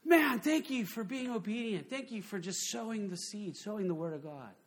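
Man, high voice, pastor preaching, conversational sermon, rhetorical questions, animated delivery. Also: moderate pace.

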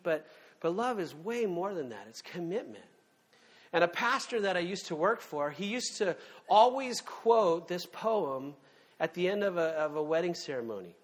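A man preaching a sermon as a pastor, talking conversationally and emphatically with frequent fillers and asides. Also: on the high side.

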